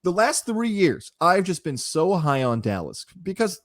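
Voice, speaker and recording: Dude breaking down nfl teams on a podcast, voice jumps around a lot, dry mic. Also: male voice, high-pitched, unhurried, no room sound. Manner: lively, opinionated, breaks into mock quotes. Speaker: podcast co-host. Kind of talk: casual sports chat and analysis.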